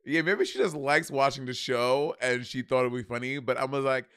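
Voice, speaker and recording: A man's voice: medium pitch, fairly quick, a bit bright, clear, resonant tone, dry recording. A blunt, salty man co-hosts a casual review chat and laughs often. His voice sits mid-range and sounds dry and close. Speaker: co-host reviewing a TV show.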